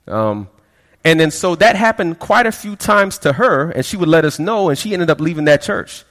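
A man's voice: on the high side, animated, normal speed. A man giving a sermon testimony, telling his story in a conversational way, often stammering over repeated words. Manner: conversational storytelling, frequent stammered repeats, quotes people in quieter voices. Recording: long hall reverb.

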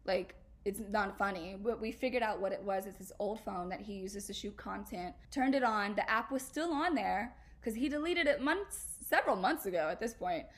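A woman's voice: medium pitch, expressive, normal speed, hardly any pauses. A young woman hosting a podcast, chatting confessionally in a casual, slangy way, laughing often and bursting into emphatic exclamations. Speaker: podcast host.

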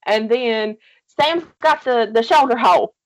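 Animated, swearing woman, higher voice. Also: a little slow. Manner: animated storytelling, swears freely, laughs often. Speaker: podcast co-host. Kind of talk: casual chat recapping a TV series.

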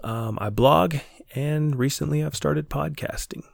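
A man hosting a solo podcast, speaking in a reflective, earnest and measured way, with a slightly stuffy voice from a stomach bug. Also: on the high side, gravelly, no echo, studio quality. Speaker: podcast host and counselor.

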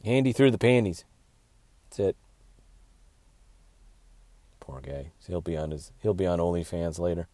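A man's voice: sits low, expressive, a little slow, pauses often, mellow, no room sound. A man hosting his own show, telling rambling, crude comedy stories in a casual monologue. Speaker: podcast host, comedian.

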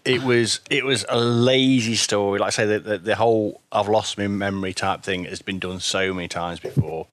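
A man's voice: on the low side, fairly even intonation, normal speed, few pauses, fairly bright tone, no room sound. A man co-hosting a casual cartoon review chat, blunt and rambling, often repeating his words. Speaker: podcast co-host reviewing cartoons.

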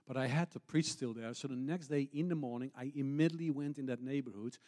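A man's voice: medium pitch, fast, dark tone. A middle-aged man, a missionary pastor, preaching a sermon in an earnest storytelling way, with non-native phrasing and frequent restarts.

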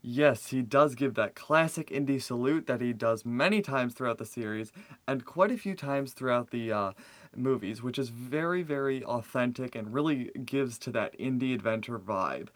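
An agreeable man co-hosts a podcast in relaxed conversation, quick to chuckle. His mid-pitched voice is recorded dry and close, with no room sound. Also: no room sound. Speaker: podcast co-host. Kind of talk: casual chat.

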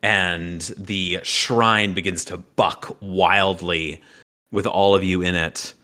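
A man's voice: deep voice, steady tone, slow, bright, forceful tone. A man narrating a tabletop game as game master, describing the action vividly with frequent fillers.

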